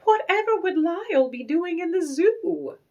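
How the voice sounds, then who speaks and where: A woman's voice: sits high, lively intonation, measured pace, a little mellow, dull audio, voice pushed up. A woman voicing a fretful lady in a storybook reading, pleading in anxious, rising exclamations. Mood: miserable. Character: anxious, fretful woman searching for her crocodile.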